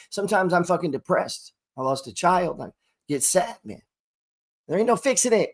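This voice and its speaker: A middle-aged man hosting his own channel, delivering a profane, slangy motivational talk about trading and making money straight to the camera. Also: sits high. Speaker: trading coach and channel host.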